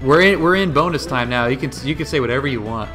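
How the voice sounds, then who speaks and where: A man's voice: mid-range voice, lively intonation, fast talker, fairly bright tone, soft background music. A man hosting a podcast in a casual chat, asking playful, teasing questions. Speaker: podcast host.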